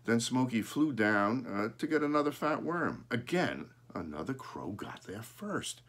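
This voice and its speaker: A man reading a children's storybook aloud, pausing now and then to point out the pictures. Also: mid-range voice, sing-song, fairly bright tone.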